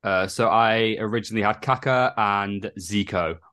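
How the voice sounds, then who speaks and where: A man speaks as a guest on a casual football podcast, thinking aloud and explaining at an easy pace. His voice is somewhat low. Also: normal speed. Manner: relaxed, thoughtful, explaining at length.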